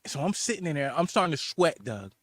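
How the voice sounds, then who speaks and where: An American man who is a guest on a casual podcast, telling a travel story in a lively way and acting out the voices of the people in it. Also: a little high, fast, dry recording, clean studio sound. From United States. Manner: animated storyteller, acts out voices in quotes.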